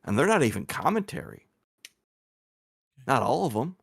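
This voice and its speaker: A man's voice: mid-range voice, very animated, moderate pace, gravelly, fairly bright tone, husky, dry recording, studio quality. A man on a live stream, scolding and lecturing someone with repeated pointed questions. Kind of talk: casual live-stream commentary.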